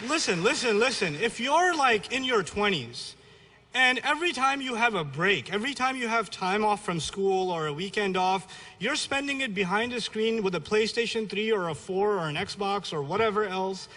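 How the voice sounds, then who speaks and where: High-voiced, bright man lecturing in a hall. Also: expressive, moderate pace. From Pakistani family, raised in New York City. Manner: blunt, humorous, exhorting. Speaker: Islamic lecturer. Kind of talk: public religious lecture. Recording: long reverb of a lecture hall.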